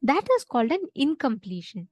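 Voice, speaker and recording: A woman's voice: on the high side, sing-song, fairly quick, no echo. Earnest woman teaching a live session. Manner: earnest, explanatory, checks in with listeners often. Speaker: spiritual session instructor.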